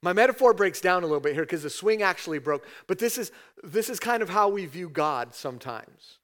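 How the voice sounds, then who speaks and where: A man's voice: sits high, expressive, fairly quick, fairly bright tone. A middle-aged man, a pastor, preaching a sermon in a conversational storytelling way, often tagging "right?" onto his sentences.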